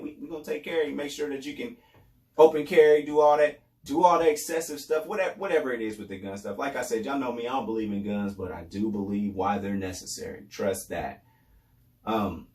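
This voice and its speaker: Guy ranting on his podcast, sarcastic and repeating himself, higher voice, echoey room. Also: darkish tone, distant mic. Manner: loose, repetitive, sarcastic asides. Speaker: podcast host. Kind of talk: casual commentary monologue.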